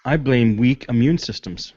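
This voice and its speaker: A man's voice: medium pitch, normal speed, dark tone. A man hosting a podcast in casual pre-show banter, informal with dry jokes. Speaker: podcast host. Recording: dull lo-fi podcast audio.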